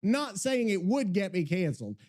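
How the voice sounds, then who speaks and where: Rambling high-voiced podcast host man. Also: normal speed. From Missouri. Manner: excitable, rambling, heavy swearing. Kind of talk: casual podcast chat.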